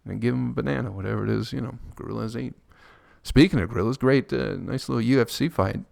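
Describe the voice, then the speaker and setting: Gravelly-voiced man in a crude rambling podcast ramble. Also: fast, darkish tone, dry recording, clean studio sound. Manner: crude, rambling, joking, swears a lot; mimics people in high squeaky voices. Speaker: podcast host. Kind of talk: casual solo podcast monologue.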